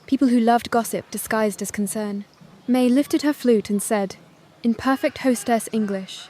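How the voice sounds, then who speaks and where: A woman narrating a first-person family drama story in a calm, measured voice. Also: on the high side.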